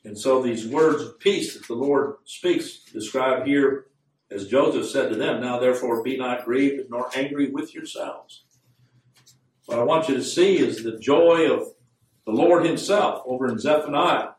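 A man preaching a sermon, earnest and growing fervent, slowing down to quote scripture in the words of old Bible translations. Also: mid-range voice. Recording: echoey room, mic at a distance.

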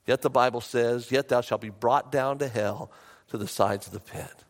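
A middle-aged man preaching a sermon as a pastor, emphatic, his voice rising high in bursts. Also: moderate pace, in a large hall.

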